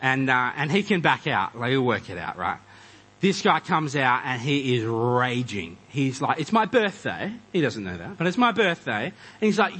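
A man preaching a conversational sermon, animated and acting out quoted voices. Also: medium pitch, normal speed, husky, rough recording. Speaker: pastor.

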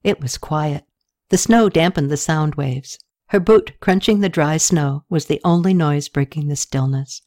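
A woman narrating an audiobook story in a steady scripted reading, lifting her pitch slightly for characters' lines. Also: a little slow.

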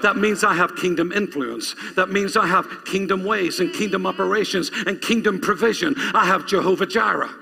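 A man's voice: sits high, moderate pace, creaky, hardly any pauses, sharp tone. A male pastor preaching a sermon, reading scripture aloud and urging the congregation to repeat lines after him. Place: church. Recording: long reverb of a church hall.

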